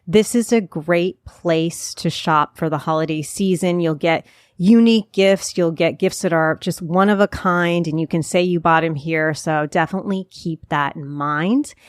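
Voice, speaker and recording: A woman's voice: fairly low pitch, smooth, no echo. A middle-aged woman with a New Jersey accent hosting a local podcast, chatty and self-deprecating with rambling asides. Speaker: podcast host.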